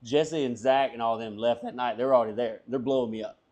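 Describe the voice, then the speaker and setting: A man's voice: mid-range voice, fast talker. A man, a comedian guest, telling a long story casually, swearing freely and acting out everyone's lines. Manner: profane, animated, acts out dialogue.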